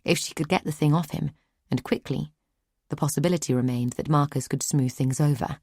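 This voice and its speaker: A woman narrating a fantasy audiobook in a measured, even storytelling manner. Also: low voice, slightly rough, dry recording, clean studio sound. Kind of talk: scripted narration.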